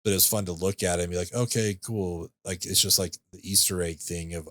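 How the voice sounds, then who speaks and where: Man, very low voice, dry close sound, rambling casual podcast chat, lots of fillers. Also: steady tone, brisk, few pauses, fairly bright tone, no echo. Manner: laid-back, rambling, many fillers. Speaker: podcast co-host. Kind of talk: casual film review chat.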